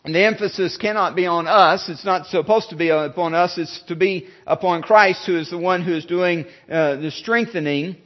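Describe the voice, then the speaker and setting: A male pastor giving a sermon, halting, with many fillers and restarts. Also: sits high, highs cut off.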